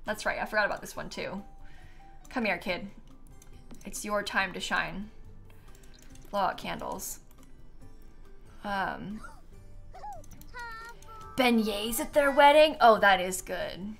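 A woman's voice: mid-range voice, slow, creaky, long pauses, fairly bright tone, soft background music. A young woman from Florida, a streamer chatting casually while she plays, rambling and laughing often. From Florida, USA. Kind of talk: casual chat while playing a game.

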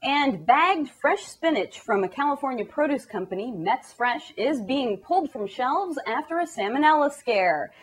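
A woman's voice: high voice, expressive, moderate pace, few pauses, husky. A young woman hosting a comic news parody, delivering headlines with sarcastic asides. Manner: sarcastic, mocking impressions.

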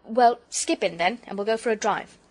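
A woman reading the part of a cheerful, kindly country doctor in a children's storybook, brisk and teasing. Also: fairly high pitch, close to an everyday voice.

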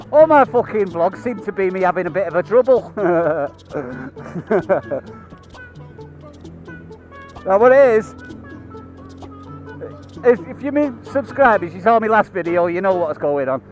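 A British man with a high voice talks to his viewers in a loose, rambling vlog. He laughs often and swears freely, restarting and going off on tangents. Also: rough recording. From United Kingdom. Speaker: motorcycle vlogger. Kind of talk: casual chat to camera.

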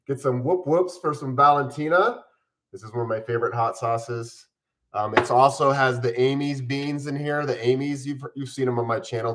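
A man's voice: mid-range voice, fairly bright tone, slight background noise. A man in his forties hosting a casual live stream from home, chatting upbeat and eating on camera while mildly ill.

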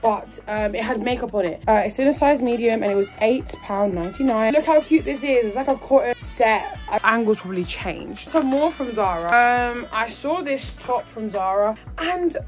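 A woman's voice: on the high side, expressive, moderate pace, hardly any pauses. A teenage girl from England chatting casually and bubbly through a shopping haul vlog. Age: teens. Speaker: vlogger. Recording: faint music in the background.

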